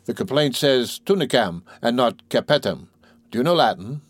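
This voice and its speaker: A man reading an old novel aloud, voicing a severe older male archdeacon who speaks coldly and slowly, like a lecturer. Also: medium pitch, lively intonation, dry recording, lightly acted. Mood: stern. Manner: cold, measured, lecturing.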